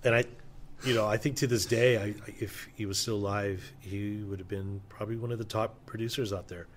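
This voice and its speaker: Low-voiced man telling drumming stories. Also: fairly even intonation, brisk, a little hiss or hum. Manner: loose, profane, enthusiastic, many fillers. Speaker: session drummer, guest. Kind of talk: casual interview storytelling.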